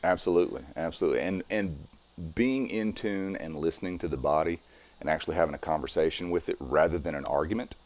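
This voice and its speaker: A man's voice: sits low, quick pace, a little mellow. A middle-aged strongman guest talking casually in an interview, explaining his methods step by step as he demonstrates.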